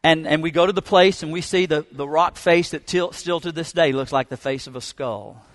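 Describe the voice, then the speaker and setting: A middle-aged pastor preaching a sermon, telling stories with fervor. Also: male voice, on the high side, normal speed. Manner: storytelling, fervent preacher. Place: church sanctuary.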